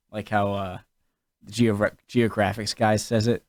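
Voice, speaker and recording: A man's voice: on the low side, flat delivery, unhurried, no room sound. A man from New England reacting casually to a video, musing aloud with many fillers and restarts. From New England, USA.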